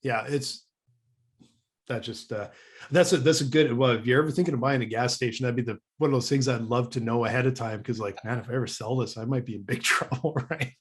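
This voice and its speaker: Speaking a little fast, this man has a mid-range voice with a breathy edge. He's a Canadian podcast co-host spinning a casual story, performing the dialogue with animation while frequently restarting and repeating words in a stammer.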